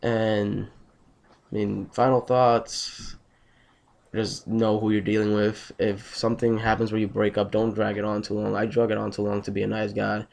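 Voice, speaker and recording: A man's voice: lowish voice, monotone, normal speed, creaky, a little mellow. A young man just out of bed, telling a story on his vlog in a blunt, rambling, heavily profane way. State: just woken up, tired. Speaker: vlogger.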